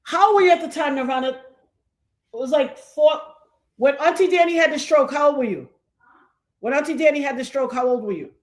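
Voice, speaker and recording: Her voice is high and her pace moderate, with frequent pauses. She's a woman in her forties recording a vlog at home, recounting a personal story that moves from hushed moments to excited shouting.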